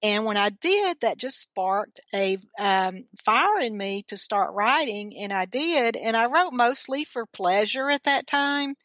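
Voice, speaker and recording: A woman's voice: fairly high pitch, expressive, measured pace, hardly any pauses, a bit bright, no echo, dull audio. A woman with a thick Georgia accent, a guest author telling chatty stories in a casual interview. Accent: Georgia Southern. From Georgia, USA.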